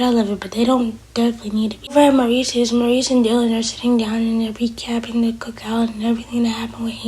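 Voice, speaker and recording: A woman's voice: a little high, mellow, slightly rough, poor audio. A woman, casually recapping a TV episode and giving blunt opinions. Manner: opinionated, quotes characters in her own voice. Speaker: TV recap host.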